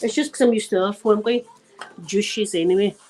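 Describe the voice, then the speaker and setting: Faint music plays behind an older Scottish woman whose steady, darkish mid-range voice moves at a quick pace. An ASMR vlogger, she tells funny stories straight to camera in a casual chat, laughing throughout.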